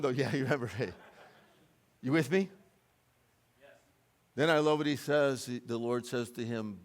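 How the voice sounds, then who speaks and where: An American man preaching a sermon in a church, moving between quiet conversational asides and loud, urgent climaxes. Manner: impassioned, rising to loud urgent peaks then dropping low and conversational. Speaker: guest preacher. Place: church sanctuary.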